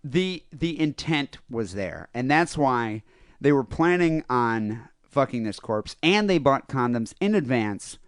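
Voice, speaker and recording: A man's voice: mid-range voice, very animated, measured pace, smooth, no echo, clean studio sound. A man co-hosting a casual comedy podcast, rambling through a news story with lots of fillers and laughter. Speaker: podcast co-host.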